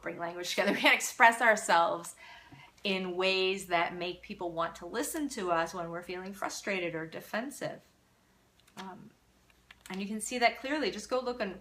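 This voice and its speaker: A woman's voice: on the low side, bright, forceful tone, a little hiss or hum. A middle-aged woman teaching parents in a live Q&A, earnest and acting out little quotes of parents and kids. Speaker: parenting educator.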